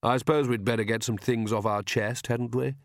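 A smug young gentleman vampire from a storybook, fussy and faintly mocking, as a male reader puts him on. His voice sits at a middling pitch and sounds close and dry. He drawls with lazy amusement. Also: fairly even intonation, brisk, dry recording, natural voice.

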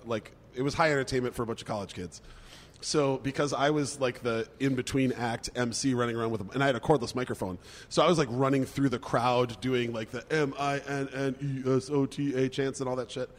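A man's voice: mid-range voice, fairly even intonation, fairly quick, big-room sound. A man telling a story in casual chat, hesitant with many fillers before he picks up speed. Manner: hesitant, lots of uh and um, then speeds up.

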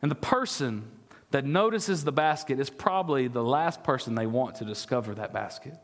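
In a large hall, the church sanctuary, a discipleship pastor delivers his sermon with a medium-pitched, animated voice at normal speed. He asks his congregation earnest questions, occasionally tripping over repeated words.

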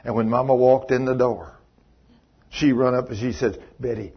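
A man preaching a sermon, telling a story in a folksy, animated way and acting out the voices in it. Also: mid-range voice, normal speed, husky. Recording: dull lo-fi sermon recording.

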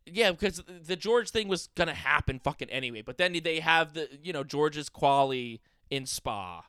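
A man co-hosts a podcast and talks in a loose, meandering way. His voice is smooth and clear at a mid pitch. The recording is dry and close, with no room sound. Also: animated, moderate pace, sharp tone, no echo. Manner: rambling, with many fillers and agreeing interjections. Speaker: podcast co-host. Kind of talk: casual podcast chat.

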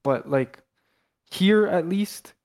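A man's voice: high voice, lively intonation, drawn-out words, darkish tone. A young man from Canada, co-hosting a podcast in casual chat, rambling and swearing with lots of restarts. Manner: rambling, loose, swears a lot, many restarts. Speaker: podcast co-host.

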